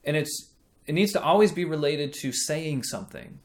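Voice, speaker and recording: A man's voice: a little high, expressive. A man teaching singing, explaining vocal technique patiently and demonstrating sung vowels. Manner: slow, patient, thoughtful delivery.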